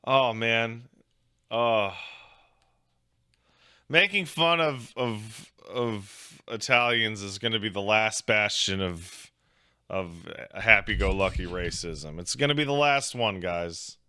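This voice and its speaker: A man's voice: fairly low pitch, slow, bright, forceful tone, clean tone, dry recording, studio quality. A young man chatting casually as a streamer, joking, rambling and swearing while he reacts to videos.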